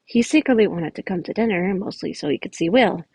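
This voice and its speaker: A woman's voice: medium pitch, fairly quick, a little mellow, husky, no echo, rough recording. A woman casually reading fan fiction aloud as a podfic, often correcting herself and adding chatty asides. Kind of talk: podfic narration.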